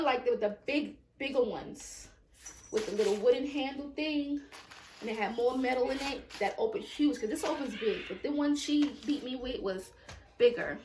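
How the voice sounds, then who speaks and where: A woman's voice: a little high, roomy sound, a little hiss or hum. A woman telling a personal story time at home, in a raw, emotional, profane way with many repetitions. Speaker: vlogger.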